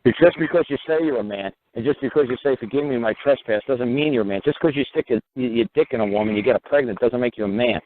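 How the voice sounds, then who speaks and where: A man's voice: medium pitch, quick pace, hardly any pauses, slight background noise. A man hosting a radio talk show, rambling and profane, who keeps repeating "you know what". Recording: narrow phone-like radio audio.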